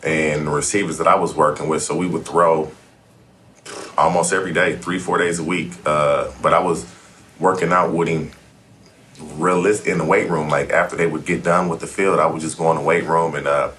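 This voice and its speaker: Man, from California, podcast guest, laid-back chat, very deep voice, faint background noise. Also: level tone, normal speed, fairly bright tone. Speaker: former football player and guest. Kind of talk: casual interview chat.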